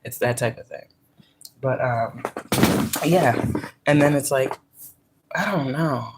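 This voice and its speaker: Slow and bass-voiced, a woman gives a casual spiritual pep talk against heavy background noise. She's a spiritual teacher and workplace manager whose delivery is profane and emphatic, with quoted voices acted out.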